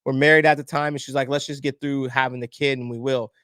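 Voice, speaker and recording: The speaker is a fast-talking man with a mid-range voice, a podcast guest telling a personal story candidly. He's animated, giving voice to the other people he quotes, in an emotional storytelling interview recorded at studio quality with no echo.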